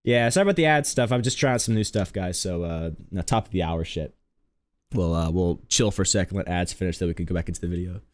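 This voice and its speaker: A man's voice: deep voice, fast talker, no room sound. A man streaming live, chatting casually and rambling to his viewers.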